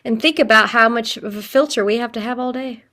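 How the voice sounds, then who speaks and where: Woman, acting coach, chatty class talk, animated, laughs often, crisp bright tone. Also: on the high side, a little fast. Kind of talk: live online acting class.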